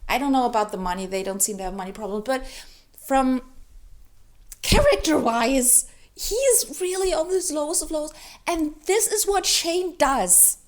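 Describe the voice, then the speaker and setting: A woman's voice: high-pitched, normal speed. Exasperated woman ranting about a book. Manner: animated, exasperated ranting with many restarts. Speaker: book vlogger. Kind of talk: ranting reading vlog.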